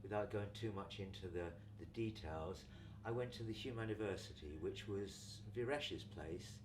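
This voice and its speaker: Older English man telling his story calmly. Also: sits low, moderate pace. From England. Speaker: guest, community founder. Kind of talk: relaxed storytelling interview. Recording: distant mic with noticeable background noise.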